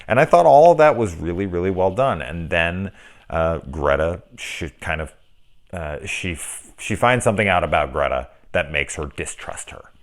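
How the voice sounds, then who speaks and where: A middle-aged man talks through a film review in a loose, unscripted way. His voice sits very low, and he swears freely as he rants and mimics his own reactions. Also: animated, moderate pace. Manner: profane, ranting, acts out quoted reactions. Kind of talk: casual spoken film review.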